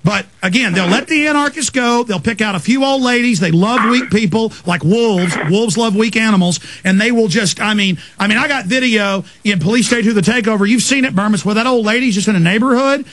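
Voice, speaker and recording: A man's voice: high-pitched, brisk, hardly any pauses, a bit bright. A man hosting talk radio, ranting in a fiery torrent of accusations. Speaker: radio host.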